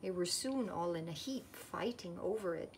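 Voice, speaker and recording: A woman reading a children's picture book aloud in a gentle, expressive way. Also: lowish voice, moderate pace, slight background noise. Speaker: storyteller.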